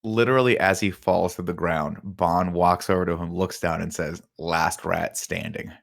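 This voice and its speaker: A man co-hosting a podcast, casually retelling film scenes with lively acted-out quotes and plenty of swearing. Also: deep voice, moderate pace, gravelly. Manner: animated retelling, acts out quotes, swears freely. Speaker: podcast co-host.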